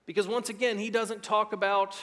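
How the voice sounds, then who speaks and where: Excitable high-voiced male pastor. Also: brisk, in a large hall. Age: middle-aged. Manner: excitable, emphatic, swings between shouting and hushed tones. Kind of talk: sermon. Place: church sanctuary.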